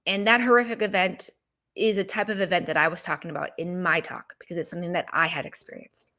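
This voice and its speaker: A woman's voice: lowish voice, steady tone, fast talker, bright, forceful tone. A woman coach telling a personal story on a live stream, emotional and exasperated, with many rhetorical questions. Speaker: business legal coach and speaker.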